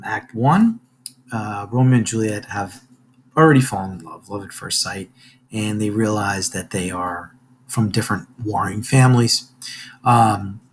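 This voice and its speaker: A man's voice: lowish voice, a little hiss or hum. A man teaching a class by video, speaking casually with many fillers and reading quoted verse aloud with a lift in his voice. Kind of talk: lecture video retelling a play.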